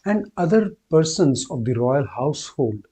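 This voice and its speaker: Man narrating a story, husky mellow voice. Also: on the high side, big pitch swings, a little slow. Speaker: storyteller host.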